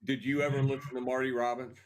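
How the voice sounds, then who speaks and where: A man hosting a casual after-show chat, telling stories in a lively way and swearing freely. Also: mid-range voice, fast talker. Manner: animated storyteller, swears freely. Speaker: show host.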